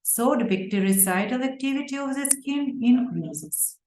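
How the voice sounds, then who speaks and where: A woman with an Uzbek accent giving a medical lecture from slides, reading deliberately and pausing on fillers and self-corrections. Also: a little high, animated, a little mellow, slight background noise. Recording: roomy echo.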